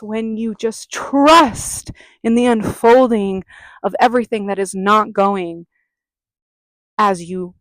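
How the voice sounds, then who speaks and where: A woman who hosts a spiritual vlog, speaking outdoors in a calm, soothing way with bursts of mock panic. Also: fairly high pitch, dry recording, studio quality. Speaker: spiritual guide and channeler. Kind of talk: casual spiritual talk to camera.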